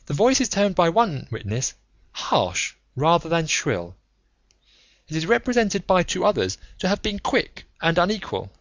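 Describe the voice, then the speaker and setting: A man voicing a calm, analytical male detective who lectures in a measured, methodical way, in an audiobook reading with a dull, dry sound. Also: fairly high pitch, no room sound, exaggerated voice. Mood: lecturing.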